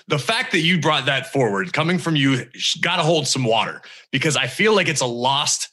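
A man's voice: medium pitch, expressive, normal speed, pushed and bright. A man hosting a casual talk show, earnest and rambling, often trailing off mid-sentence. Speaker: host. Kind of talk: casual chat.

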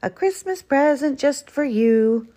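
A woman doing a gruff old badger. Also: on the high side, huge pitch swings, slow, darkish tone, full character voice. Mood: merry. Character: grumpy, hard-of-hearing old male badger.

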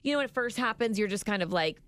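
A woman in her thirties co-hosting a radio show, telling a family story in an animated way and acting out the lines she quotes. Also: medium pitch, rapid-fire, smooth, no echo. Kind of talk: casual storytelling chat.

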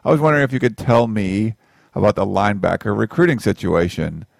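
A male podcast host with a low voice and a gravelly edge. He banters casually and reads listener questions aloud. The sound is dry and close. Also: animated, brisk, no room sound.

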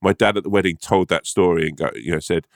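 A man's voice: low-pitched, quick pace, gravelly, no echo, clean studio sound. A man co-hosting a podcast, telling a sweary, laughing anecdote in casual chat. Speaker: podcast co-host. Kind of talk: casual storytelling.

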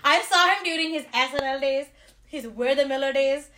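High-pitched sarcastic young woman. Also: a little hiss or hum. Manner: animated, sarcastic, quick asides. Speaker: podcast host. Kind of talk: casual pop-culture chat.

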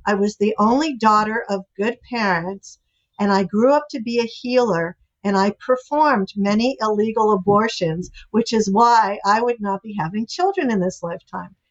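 A woman's voice: medium pitch, normal speed. Woman telling a story over dull lo-fi audio. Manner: animated anecdotal storytelling. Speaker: guest, author and relationship expert. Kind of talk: storytelling in a podcast interview.

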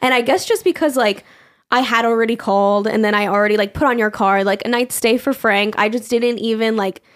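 A woman's voice: fairly high pitch, a little fast. A young woman co-hosting a podcast, telling a story in casual chat, acting out quotes, laughing often and swearing. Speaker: podcast co-host.

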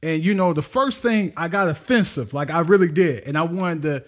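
With a fairly high-pitched voice and a moderate pace, a male podcast co-host relates a story in easygoing chat. He laughs frequently and animatedly acts out everyone he quotes.

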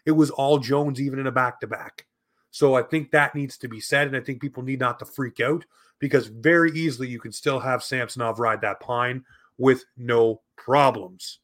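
A man talks through his hockey opinions in a solo commentary. He is emphatic and argumentative, hammering his points home with repeated phrases, in a voice of ordinary pitch. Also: steady tone, normal speed, a bit bright. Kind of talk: opinionated sports commentary monologue.

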